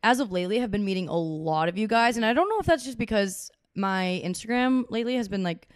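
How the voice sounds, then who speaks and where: A woman's voice: medium pitch, fast talker, no room sound, clean studio sound. A woman co-hosting a casual podcast, full of teasing banter. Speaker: podcast co-host. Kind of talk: casual chat.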